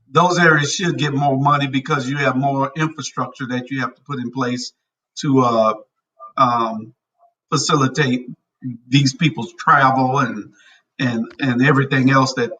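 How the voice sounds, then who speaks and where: A man's voice: mid-range voice, bright, forceful tone. A man hosting a casual talk show, giving blunt, emphatic opinions. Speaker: show host. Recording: distant from the mic.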